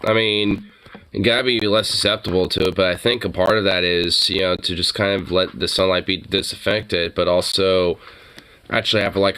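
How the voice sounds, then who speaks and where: A man hosting a casual reaction chat, ranting profanely and jumping into high mocking voices. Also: bright, forceful tone, a little hiss or hum.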